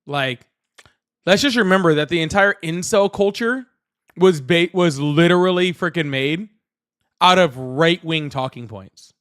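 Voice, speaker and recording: Livestream host, man, slightly high voice, loose rambling delivery to chat. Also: measured pace, fairly bright tone. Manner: rambling, repeats himself, talks straight to chat. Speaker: livestream political debate host.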